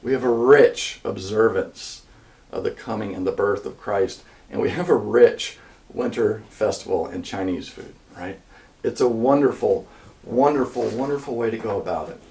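Man, low voice, earnest conversational sermon, mic a little distant. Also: normal speed, creaky, a little mellow. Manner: earnest, conversational, with frequent restarts. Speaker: church minister.

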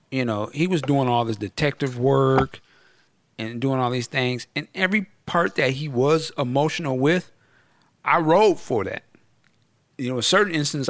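A man's voice: medium pitch, fairly bright tone, no echo. Man, podcast host, casual slangy film chat, acts out quotes, dry close sound. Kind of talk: casual movie review chat.

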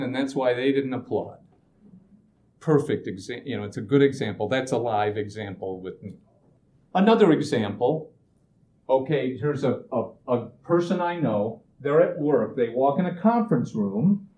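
A man's voice: mid-range voice, reverberant, slight background noise, low-quality recording. A man giving a casual motivational talk, telling anecdotes and acting out what people said, often restarting his phrases. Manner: animated storyteller, acts out quoted voices, often restarts phrases. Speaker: speaker giving a talk on expectations.

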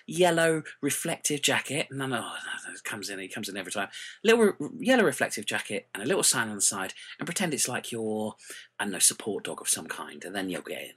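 A man co-hosting a comedy podcast, lively and joking. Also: on the low side, fast talker, breathy edge. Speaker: podcast host.

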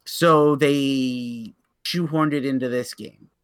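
A man's voice: medium pitch, fairly even intonation, slow pace, clean tone, no echo. A man co-hosting a podcast in casual chat, opinionated, stumbling over restarts and laughing as he tells stories. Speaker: podcast co-host.

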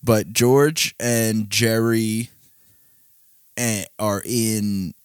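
A man co-hosting a comedy podcast, telling stories in a dry, deadpan way and acting out quotes. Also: on the low side, extremely slow, clear, resonant tone, dry recording. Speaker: podcast co-host. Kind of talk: casual comedic chat.

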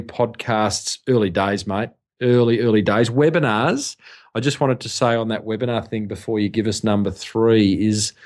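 A man with an Australian accent, co-hosting a business podcast in casual chat, telling stories and laughing often. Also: medium pitch. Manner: chatty storyteller, laughs often. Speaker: podcast co-host.

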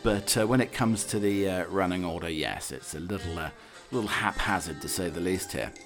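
A man's voice: low voice, a little fast, a bit bright, soft background music. A man hosting a solo chat show, talking in a jokey, meandering, self-mocking way. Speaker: podcast host.

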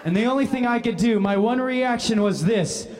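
A man telling a funny personal anecdote, animated and often laughing as he speaks. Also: very high voice, normal speed, very noisy. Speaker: guest storyteller. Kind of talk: comic anecdote.

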